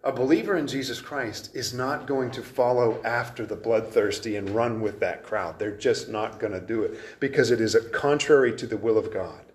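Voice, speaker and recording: A man's voice: medium pitch, moderate pace, hardly any pauses. A man preaching an expository sermon in an earnest, emphatic way, with frequent restarts as he explains the verses.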